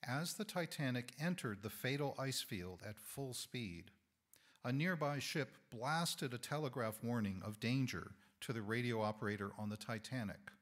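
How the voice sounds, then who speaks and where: A lay speaker gives a reflective, measured sermon in a church sanctuary, his mid-range voice a bit bright but hoarse as he loses it. He sounds thoughtful and makes small self-corrections along the way.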